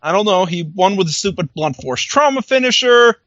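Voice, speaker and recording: A man's voice: high voice, animated, fairly quick, fairly bright tone, dry recording, highs cut off. A man co-hosting a podcast, chatting casually and animatedly, acting out lines and laughing often. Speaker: podcast co-host. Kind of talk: casual recap chat.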